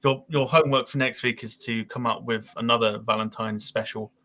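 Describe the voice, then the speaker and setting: A man hosts a laid-back podcast with a bright, forceful tone. His speech rambles along with frequent fillers like "um" and "uh", and he keeps the chat loose and friendly. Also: mid-range voice, steady tone, fairly quick. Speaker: podcast host.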